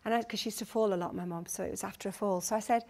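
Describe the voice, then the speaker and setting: A middle-aged consultant midwife from Lancashire, England, speaks as a guest at a conference, telling stories earnestly and eagerly with frequent restarts. Her medium-pitched voice races along.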